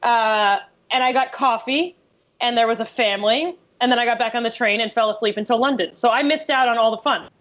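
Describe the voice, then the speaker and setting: A woman comedian guest on a podcast, making wry, quick comments in casual chat. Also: fairly high pitch, fairly bright tone, highs cut off.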